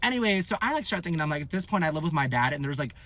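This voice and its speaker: A man in his twenties telling a casual storytime tale, animated and profane, acting out what people said. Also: a little high, rapid-fire. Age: 20s.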